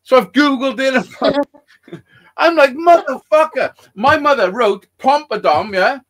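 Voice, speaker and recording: Casting: high-pitched man, sweary, laughing storyteller on a live stream. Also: animated, slow, a bit bright. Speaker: co-host. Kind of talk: casual live-stream chat.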